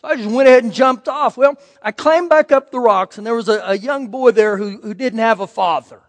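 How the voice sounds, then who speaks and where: A male pastor with a very high-pitched voice preaches fairly quickly, sharing folksy personal stories and animating the voices of the people in them. A long hall reverb surrounds the recording.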